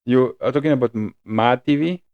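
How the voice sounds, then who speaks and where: A man's voice: medium pitch, fairly quick, dry recording, highs cut off. Man from Belgium, podcast co-host, casual chat, blunt, argumentative, dry sound.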